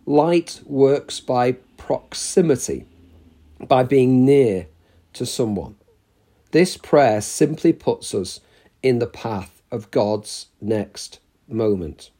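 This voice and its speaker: A male preacher delivering a sermon with slow, deliberate pacing. His voice is mellow and dark, and he lifts and drops it a lot for emphasis, pausing between short phrases. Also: medium pitch, expressive. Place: church.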